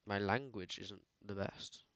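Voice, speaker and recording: A man's voice: fairly low pitch, a little slow, a bit bright, dry recording. Rambling British guy, slangy chat. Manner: rambling, slangy, full of "like" and "bro". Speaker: photo editing streamer. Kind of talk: casual chat while editing. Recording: dull, dry lo-fi sound.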